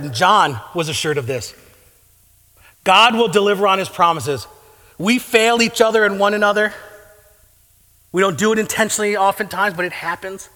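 A man's voice: sits high, bright, forceful tone. A man preaching a sermon as pastor, fervent and building to impassioned pleading in places. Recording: long hall reverb.

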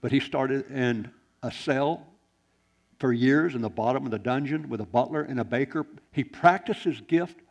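Male pastor, gravelly tone, swings from loud bursts to near-whispers, sermon delivery. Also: medium pitch, normal speed. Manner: animated preaching, swings from loud exclamations to hushed quiet.

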